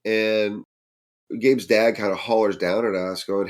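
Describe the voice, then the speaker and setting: Lowish-voiced man telling a spooky story. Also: unhurried. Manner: lively, acts out others' lines in a raised voice. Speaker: podcast guest storyteller. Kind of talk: casual spoken storytelling.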